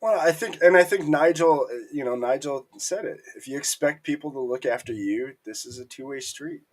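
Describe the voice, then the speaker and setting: A man's voice: medium pitch, a little fast. A man co-hosting a live sales chat show, chiming in with earnest agreement. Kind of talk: casual live-stream chat.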